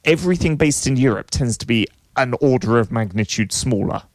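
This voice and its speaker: A man co-hosting a casual tech news podcast, talking in a halting, wry way as he thinks aloud. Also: mid-range voice, lively intonation, no room sound. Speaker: podcast co-host.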